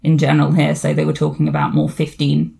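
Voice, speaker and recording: A woman's voice: deep voice, completely flat delivery, quick pace, creaky, mellow. A woman hosting a podcast, chatting casually and digressively about a book, often laughing. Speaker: podcast host.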